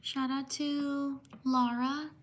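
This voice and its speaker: A woman hosting a live stream, slowly reading out shout-outs to viewers and taking care over their names. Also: high-pitched, little pitch movement, a little hiss or hum.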